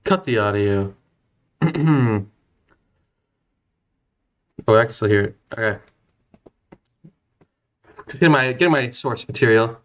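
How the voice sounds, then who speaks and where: A man's voice: mid-range voice, measured pace, pauses often. A man in his twenties streaming a game, chatting casually in a nervous, self-deprecating way, often stammering and laughing. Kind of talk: casual live-stream chat.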